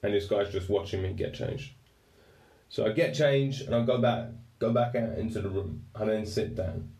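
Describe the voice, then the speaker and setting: A man's voice: fairly low pitch, normal speed, dark tone. A man with an English accent telling a personal story candidly, swearing freely and speaking with raw emotion. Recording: roomy echo, distant from mic.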